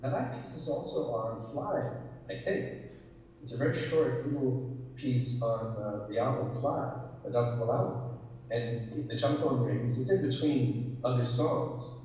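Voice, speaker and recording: An older man tells an unhurried, rambling story in conversation, often restarting his sentences. He sits at a distance from the microphone, and the long reverb of a large hall rings around his words. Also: medium pitch, a little mellow, slight background noise. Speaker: guest author in a talk. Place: theater stage. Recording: echoey hall, distant mic.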